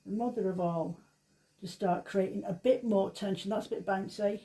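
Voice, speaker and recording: A woman's voice: medium pitch, fairly even intonation, normal speed, mellow, poor audio. A woman running a craft demonstration, chatting through each step in a casual, self-deprecating way. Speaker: craft shop owner demonstrating.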